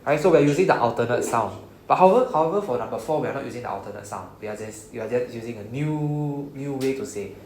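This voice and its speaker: A man's voice: medium pitch, expressive, quick pace, hardly any pauses, a little mellow, roomy sound, slight background noise, poor audio. A man with a Singaporean English accent teaching a beginner Japanese class, explaining patiently and checking in with "right?" after each point. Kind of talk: classroom lesson.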